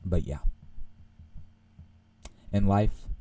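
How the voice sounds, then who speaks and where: A young man hosting a podcast, telling a rambling, animated story and laughing often. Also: low-pitched, very slow. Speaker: podcast host. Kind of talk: casual storytelling.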